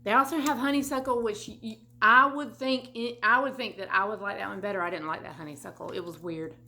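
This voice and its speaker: A woman's voice: medium pitch, fairly quick, pushed and bright. Chatty woman rambling through a haul. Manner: chatty, rambling, asides and restarts. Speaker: vlogger. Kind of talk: casual haul chat. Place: home room.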